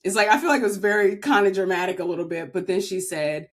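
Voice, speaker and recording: A woman's voice: medium pitch, fast talker, hardly any pauses. A woman from Maryland, a podcast guest, telling a personal story in an earnest, heartfelt way with frequent filler words. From Maryland, USA.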